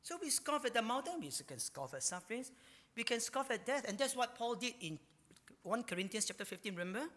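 Lively pastor. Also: male voice, very high-pitched. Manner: animated, ends phrases with a drawn-out "ah". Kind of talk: sermon. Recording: long reverb of a hall.

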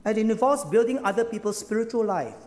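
A man's voice: high-pitched, animated, quick pace, darkish tone, in a large hall. A male pastor preaching a sermon, emphatic, repeating phrases and firing rhetorical questions.

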